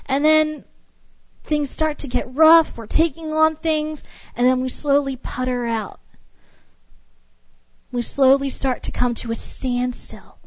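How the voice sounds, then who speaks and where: A woman's voice: high voice, measured pace, pauses often, dry recording, highs cut off. A woman preaching a sermon in an emphatic, repetitive cadence.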